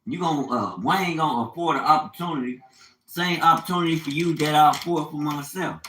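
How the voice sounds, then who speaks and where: Older guy preaching and cussing on a vlog, kinda high voice, echoey room. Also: brisk, sharp tone, a little hiss or hum. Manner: profane, preachy ranting; quotes scripture, fiery preaching tone. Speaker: vlogger. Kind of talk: unscripted monologue.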